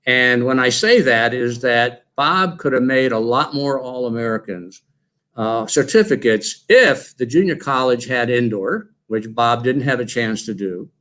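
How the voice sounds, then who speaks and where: An older man, a former coach, giving a tribute speech at an induction and telling stories in a lively way. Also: medium pitch, measured pace. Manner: storytelling, lively retelling.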